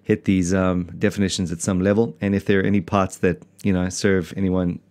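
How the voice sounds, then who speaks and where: A man's voice: sits low, flat delivery, brisk, a little mellow. A man from South Africa hosting a casual podcast, rambling and self-mocking with lots of fillers and restarts. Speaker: podcast host, pastor.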